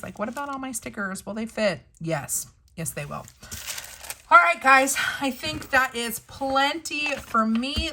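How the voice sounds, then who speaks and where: A woman's voice: medium pitch, sharp tone. A woman reviewing planners in a chatty, upbeat vlog, talking to viewers like friends. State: losing her voice. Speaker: planner vlogger. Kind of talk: casual product review.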